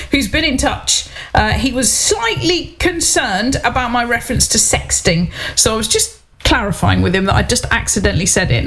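A woman's voice: medium pitch, fairly bright tone. A woman presenting a radio show from a home bedroom, chatting casually to listeners and laughing as she goes. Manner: chatty, rambling, with laughing asides. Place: home bedroom with open door onto a landing.

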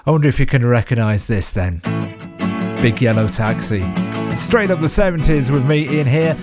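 Male radio host, loose and chatty, mid-pitched, studio mic. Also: expressive, moderate pace, loud music behind the voice. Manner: chatty, rambling with fillers and restarts. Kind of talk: radio show links.

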